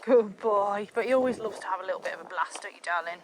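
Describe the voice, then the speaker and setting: A woman's voice: quick pace, noisy background. A woman chatting casually to camera while riding through fields, cooing at her animals. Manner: chatty, coos to animals in a high sing-song. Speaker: farm vlogger. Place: outdoors in fields on horseback. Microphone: chest cam.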